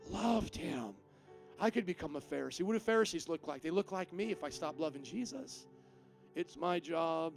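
A man pastor preaching a sermon with emphatic delivery, swinging between quiet and loud. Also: high-pitched, vocal fry.

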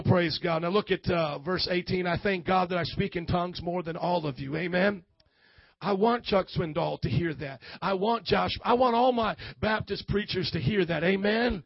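A man preaching a lively, playful sermon as a pastor, dropping in frequent amens. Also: high-pitched, normal speed, gravelly, no room sound, lo-fi sound.

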